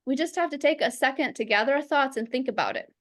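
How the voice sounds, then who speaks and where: A woman teaching public speaking over a video call, lively and acting out examples in quoted voices. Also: high-pitched, quick pace. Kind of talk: instructional talk.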